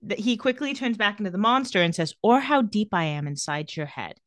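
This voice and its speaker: A woman's voice: medium pitch, animated, fairly quick, no echo. A young adult woman co-hosting a casual podcast, retelling TV scenes and acting out the characters' lines in playful voices. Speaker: podcast co-host recapping a TV episode. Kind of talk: casual chat.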